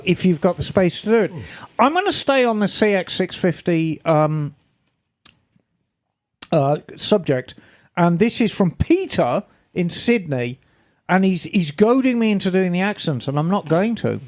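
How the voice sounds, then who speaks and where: A woman hosting a podcast, chatting casually and reading listener emails in a lively, storytelling way. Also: lowish voice, a little slow. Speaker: podcast host.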